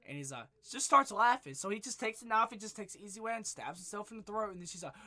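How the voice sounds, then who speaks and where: Excited, swearing man retelling a movie. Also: high-pitched, quick pace, few pauses. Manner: excited, profane, rambling retelling. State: losing his voice. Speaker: movie reviewer. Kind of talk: casual spoiler review monologue. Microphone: webcam.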